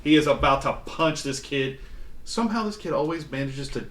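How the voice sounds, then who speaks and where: A man's voice: fairly high pitch, expressive, a little fast, fairly bright tone, reverberant. A man running a tabletop role-playing game in person, narrating with lots of restarts and fillers. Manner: rambling, with many restarts and fillers. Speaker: game master. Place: room shared with players.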